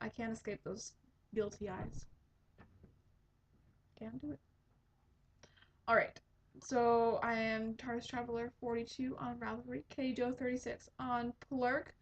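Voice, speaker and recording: A woman in her twenties hosting a podcast, chatting in a rambling way with lots of ums. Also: on the high side. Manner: rambling, chatty, many fillers. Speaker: podcast host. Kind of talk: casual chat. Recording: dull lo-fi home recording.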